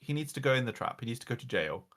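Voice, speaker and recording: A man's voice: medium pitch, big pitch swings, racing, a bit bright. A man ranting as the reviewer, exasperated and mocking, swearing often as he goes through slides. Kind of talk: casual comedic rant.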